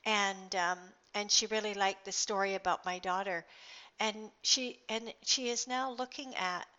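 A woman's voice: medium pitch, steady tone, measured pace, sharp tone. A middle-aged woman sharing personal reflections in a casual, earnest, rambling monologue. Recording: dull lo-fi recording.

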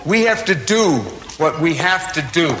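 A domineering, self-important leader. Bright tone, faint background noise. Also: male voice, on the high side, lively intonation, normal speed. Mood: condescending. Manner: condescending, domineering. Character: arrogant powerful man lecturing an underling.

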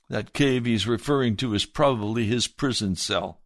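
A male pastor delivers a sermon in an earnest, measured manner, his voice sitting at an ordinary pitch for a man. He sinks soft and low to press his points home. The recording is dry and close, with no room echo. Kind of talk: sermon reading and preaching.

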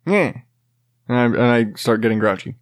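A worn-out man in his thirties hosts a casual chat, his sentences wandering and breaking off as he laughs and swears offhandedly. His voice sits at an ordinary pitch for a man. It is recorded close on a mic in a dry, dead space. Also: unhurried, no room sound. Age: 30s. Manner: rambling, self-interrupting, laughs often, swears casually. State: tired. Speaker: podcast host and father.

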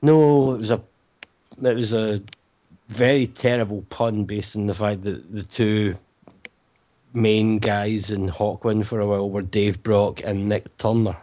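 A man's voice: lowish voice, steady tone, measured pace, dark tone. A Scottish man in his thirties co-hosting a casual film commentary podcast, laid-back, swearing freely and laughing often into his home mic. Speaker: podcast co-host.

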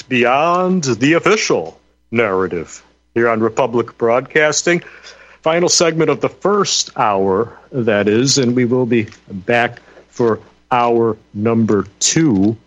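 A man's voice: mid-range voice, animated, takes it slowly, no echo. A man hosting a radio talk show panel, hesitant and full of fillers. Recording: dull lo-fi sound.

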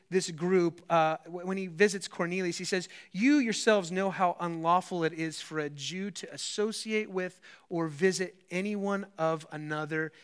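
A man's voice: high-pitched, a bit bright, clear, resonant tone. A man preaching a sermon, earnest and explanatory, often restarting phrases and quoting scripture. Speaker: pastor.

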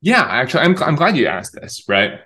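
A man's voice: medium pitch, big pitch swings, brisk, bright, forceful tone. A man in an interview explaining his views in a talkative, emphatic way, often restarting his sentences. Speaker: interview guest, communications director. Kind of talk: conversational interview.

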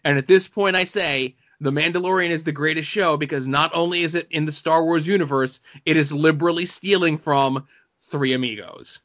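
A man co-hosts a podcast in a rambling, joking way, full of fillers. His voice is bright and a little high. The recording sounds dull and lo-fi. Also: moderate pace. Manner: chatty, jokey, rambling with fillers. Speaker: podcast co-host. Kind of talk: casual chat about comics and TV.

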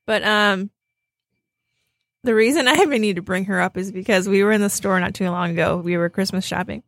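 A woman's voice: mid-range voice, a little fast, a bit bright, no room sound, studio quality. A woman co-hosting a casual podcast chat, telling stories with lots of laughter and acted-out quotes. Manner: laughing storyteller, acts out quotes. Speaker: podcast co-host.

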